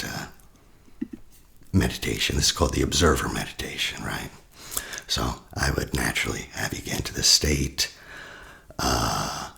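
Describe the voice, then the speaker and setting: A man, a therapist, casually demonstrating a guided meditation, often dropping to a breathy near-whisper. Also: rumbling low, a bit bright.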